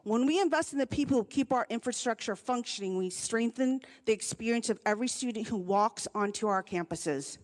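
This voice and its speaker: A union chapter vice president and occupational therapist giving an earnest public comment at a board meeting. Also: female voice, a little high, lively intonation, a little fast, hardly any pauses. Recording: long hall reverb.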